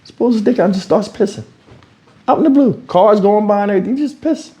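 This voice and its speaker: Recording at home on a wireless lavalier mic, a Houston, Texas YouTube commentator tells a quick-paced story in a casual vlog. His slightly high voice is mellow and warm, and he animatedly acts out each exchange, swearing freely.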